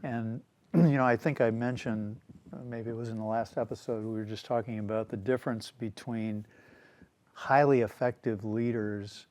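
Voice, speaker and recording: A man hosting a casual book discussion, talking in a relaxed, rambling way with frequent fillers and some throat clearing. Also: lowish voice, moderate pace, no echo. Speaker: show host.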